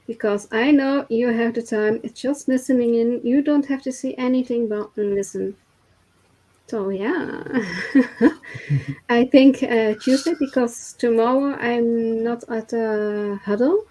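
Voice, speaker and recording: A woman's voice: a little high, dark tone, poor audio. A woman co-hosting a live online show, talking casually and chiming in directly. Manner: direct, chiming in with short remarks. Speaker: co-host of a live marketing show. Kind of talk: casual chat.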